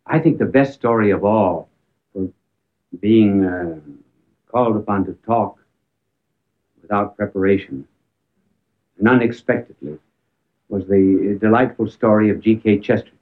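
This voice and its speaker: A man's voice: lowish voice, unhurried, pauses often. Man telling stories over a tinny line. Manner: storytelling with emphatic rises and sudden drops to near silence. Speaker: speaker on public speaking. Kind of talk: anecdotal talk on public speaking. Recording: tinny phone-like band, old archive recording.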